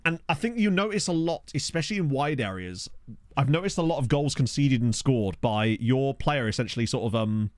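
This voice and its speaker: A man's voice: dry recording, clean studio sound. A man casually commentating a football management game on a stream, thinking aloud with a chatty manner. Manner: chatty, thinking aloud, animated pitch swings. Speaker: gaming streamer. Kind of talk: casual let's-play commentary. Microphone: desk microphone.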